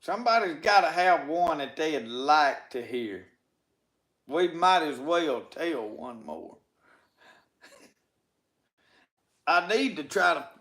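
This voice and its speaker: A man with a Mississippi drawl spins folksy tall tales. His voice sits high for a man. He keeps looping back with "said.". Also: a bit bright. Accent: Southern US, Mississippi. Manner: drawling, repeats "said" constantly. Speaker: storyteller. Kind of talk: folksy tall-tale storytelling.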